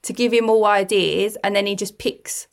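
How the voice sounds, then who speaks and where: A woman in her thirties with a gravelly, creaky edge to her voice. She chats casually as a podcast co-host and tells stories with animation. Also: medium pitch, moderate pace. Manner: chatty, animated storytelling. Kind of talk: casual chat.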